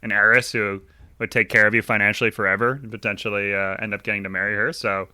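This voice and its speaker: A man's voice: fairly low pitch, flat delivery, quick pace, bright, forceful tone, clean tone, dry recording, studio quality. A man co-hosting a casual movie podcast, chatty and playful, often laughing and ribbing his friend. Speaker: podcast co-host. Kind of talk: casual movie review chat.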